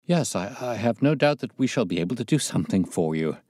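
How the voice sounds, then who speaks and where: A man's voice: lowish voice, big pitch swings, a little fast, a little mellow, dry recording, studio quality, pitched above the performer's own voice. A man voicing an agitated, terrified middle-aged company director with a strained, pleading manner.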